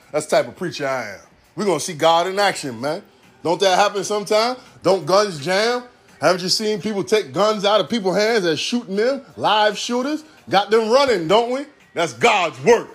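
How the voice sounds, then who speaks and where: Here a man's voice sits high with a slight brightness. He's a forties-aged podcast host from Ohio, USA, giving a loose, profane, wandering monologue that sounds almost like preaching.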